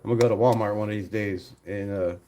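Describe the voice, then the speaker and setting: A man hosting a casual live stream, animated, laughing often and talking to his chat. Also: on the low side, quick pace.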